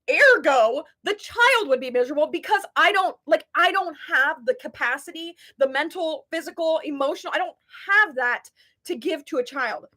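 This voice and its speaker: Woman, twenties, high voice, casual live chat, chatty and passionate, says "like" a lot. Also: expressive, normal speed, bright, forceful tone. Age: 20s. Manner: chatty, heavy use of "like", earnest and passionate.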